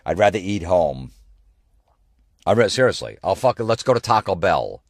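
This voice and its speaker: A low-voiced man rants through a comedy podcast, swearing freely and sounding exasperated. He mocks the people he complains about with quick impressions. The sound is dry and close to the mic. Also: sing-song, no room sound. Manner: profane, exasperated ranting with mocking impressions. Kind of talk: ranting comedy podcast monologue.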